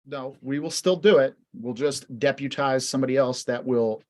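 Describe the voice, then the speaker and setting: A man's voice: medium pitch, moderate pace, a little mellow. A man co-hosting a live Q&A over a video call, chatting casually with many fillers and motivational asides. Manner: talkative, lots of "like", motivational. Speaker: co-host of live Q&A. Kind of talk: casual live-stream chat.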